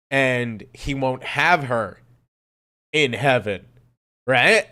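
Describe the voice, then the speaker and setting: A man streaming casually, rambling and cursing often, with sudden jumps from mumbling to loud outbursts. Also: medium pitch, slow pace, long pauses, smooth. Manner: rambling, profane, animated swings in loudness. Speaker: streamer reacting to music. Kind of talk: casual chat.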